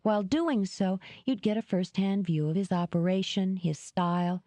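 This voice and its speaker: A woman's voice: medium pitch, moderate pace, mellow, dry recording, close to an everyday voice. A woman voicing a playful, theatrical young woman who teases and fakes tears. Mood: persuasive. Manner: teasing, theatrical, tearful act.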